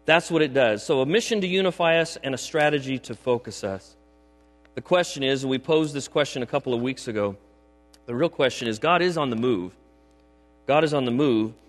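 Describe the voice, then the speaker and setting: Preaching at a brisk pace with a medium-pitched voice, a middle-aged pastor keeps his sermon emphatic and conversational, regularly checking in with those in the pews. Long reverb from the sanctuary and a mains hum color the recording.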